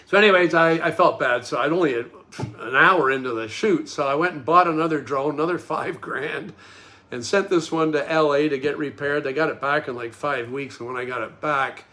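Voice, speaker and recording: A man's voice: a little high, moderate pace. Man animatedly telling a funny story. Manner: animated anecdote telling, acting out quoted voices; laughs at himself. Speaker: host telling a personal story. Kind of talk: casual storytelling.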